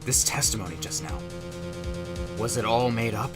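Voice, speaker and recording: A man's voice: mid-range voice, moderate pace, loud music behind the voice, lightly acted. A man voicing an earnest young defense attorney, reading game lines as firm declarations. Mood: declaring. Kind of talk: reading game dialogue aloud.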